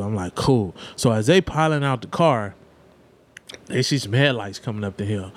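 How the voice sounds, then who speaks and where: A man telling a story in casual talk, animated and profane, jumping into high voices for his friends. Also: normal speed.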